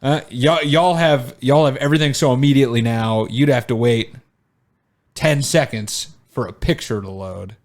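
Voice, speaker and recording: A man co-hosting a podcast, chatting casually. His pitch sits in the middle of the range. He keeps it loose and joking and often trails off with uh and like. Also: normal speed. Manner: relaxed, joking, trails off with fillers. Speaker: podcast co-host.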